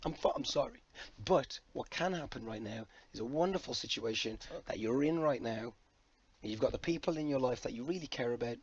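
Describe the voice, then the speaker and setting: A man's voice: medium pitch, slightly rough, highs cut off. A man talking to camera in a loose, rambling, jokey monologue, swearing freely. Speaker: vlogger.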